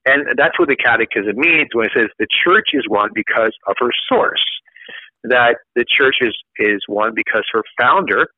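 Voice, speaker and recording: A man, a priest, talks through church teaching in a relaxed, rambling manner, his low voice squeezed into a thin, phone-like sound. The recording is dry, with no room around it. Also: no echo. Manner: conversational, with fillers and restarts. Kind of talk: casual catechism teaching.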